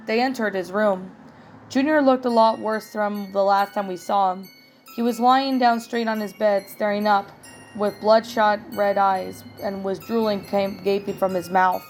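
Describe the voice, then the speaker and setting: A woman's voice: medium pitch, steady tone, unhurried. Woman narrating a creepypasta. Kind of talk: reading a creepypasta story. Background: faint music.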